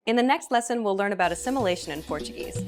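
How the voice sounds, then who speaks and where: A woman hosting a language course, reading a scripted lesson in a clear, even teaching manner. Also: medium pitch, racing, over music.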